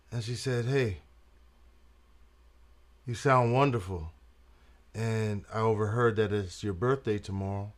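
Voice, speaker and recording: Channel host, male, slow storytelling with a lively, swinging pitch and jazz slang. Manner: laid-back jazz slang, says "man" and "you dig". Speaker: trumpet player and channel host. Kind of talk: casual storytelling vlog.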